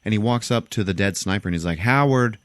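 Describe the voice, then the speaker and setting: A man hosting a podcast, casually retelling a movie plot with animated storytelling and frequent swearing. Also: low voice, rapid-fire, dry recording. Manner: animated storytelling, acts out quotes, swears freely. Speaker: podcast host.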